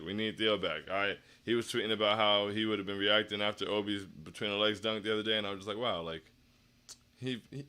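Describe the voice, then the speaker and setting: A man's voice: mid-range voice, bright, forceful tone, clean tone. A man hosting a postgame livestream, reading chat comments, sounding dejected and down, often restarting his sentences. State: down after a loss. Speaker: stream host.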